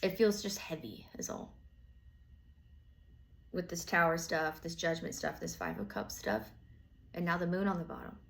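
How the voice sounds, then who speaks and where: Gravelly woman rambling through a tarot reading. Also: on the low side, big pitch swings, moderate pace, pauses often. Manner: rambling, filler-heavy, casual swearing. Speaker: tarot reader. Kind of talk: casual tarot reading monologue.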